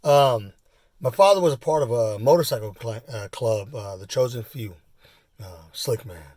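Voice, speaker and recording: A man in his forties telling a personal story in a casual, rambling way, full of fillers and asides, and getting animated as he acts it out. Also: medium pitch, normal speed, dry recording, clean studio sound. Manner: animated when acting out the story. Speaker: vlogger.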